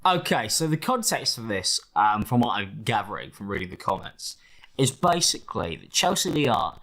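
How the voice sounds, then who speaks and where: A man's voice: medium pitch, very animated, normal speed, bright, forceful tone. A man hosting a reaction video, talking in a sarcastic, theatrical, mock-whiny way. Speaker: host. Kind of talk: reaction commentary.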